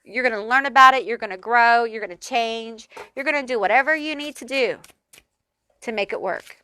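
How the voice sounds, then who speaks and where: A woman's voice: a little high, moderate pace, bright, forceful tone, clean tone. A middle-aged woman doing a casual tarot reading to camera, bubbly and chatty, full of "like" and "you know", on a corded mic. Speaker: tarot reader.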